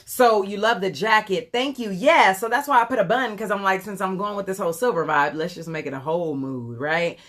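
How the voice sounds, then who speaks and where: A woman's voice: mid-range voice, fairly quick, few pauses, a bit bright. A woman in her forties chatting casually on a live makeup stream, rambling with lots of ums as she answers viewers. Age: 40s. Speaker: beauty vlogger doing a live makeup tutorial. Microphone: phone camera.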